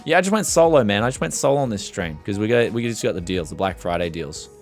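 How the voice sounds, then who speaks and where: A man's voice: fairly low pitch, quick pace, faint music behind. Rambling man with a strained voice. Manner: rambling, animated, reads chat questions aloud. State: strained voice from yelling. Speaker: tech livestream host. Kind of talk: casual livestream chat.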